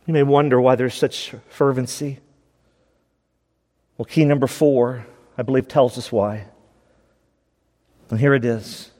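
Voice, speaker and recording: A man's voice: mid-range voice, fairly even intonation, measured pace, long pauses, warm tone. A man preaching a sermon as pastor, urgent and pleading, repeating his points with emphasis. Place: church sanctuary. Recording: long reverb of a church hall.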